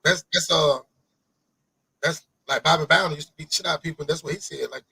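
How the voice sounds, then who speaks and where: A man hosting a podcast interview, talking in an animated, rambling way, swearing often and repeating himself. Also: on the high side, fast talker, gravelly, slightly rough, no room sound, poor audio. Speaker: podcast host. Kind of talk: casual interview chat.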